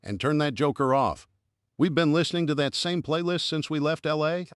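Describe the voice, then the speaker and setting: A man's voice: on the high side, normal speed, clear, resonant tone, dry recording, pitched above the performer's own voice, natural voice. A sarcastic young woman scientist grumbles her complaints in a dry, sour tone. A man puts her on for an audiobook, lifting his voice above his own. The sound is close and dead. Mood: grumbling. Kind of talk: audiobook character voice.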